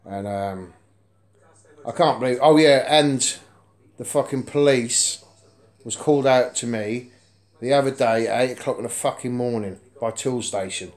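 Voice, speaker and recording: A man's voice: mid-range voice, unhurried, darkish tone. A man, vlogging from indoors in a house, rambling bluntly and swearing constantly. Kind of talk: casual vlog chat.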